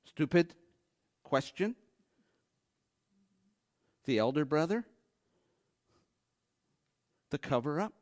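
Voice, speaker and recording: Animated male preacher. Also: very slow, long pauses. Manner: animated, acts out Bible characters in high excited voices; drops to a low hush for emphasis. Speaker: pastor. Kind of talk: sermon.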